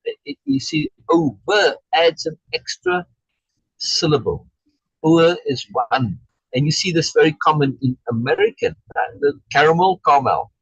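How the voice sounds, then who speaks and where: A man leading a casual online Shakespeare session. His voice swings up and down a lot and has a husky edge. It comes through a dry, slightly muffled video call line. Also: on the high side, huge pitch swings, normal speed, fairly bright tone, no room sound. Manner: explains with many restarts and "right?" checks, reads chat comments aloud. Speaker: Shakespeare reading group leader. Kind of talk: casual online teaching chat.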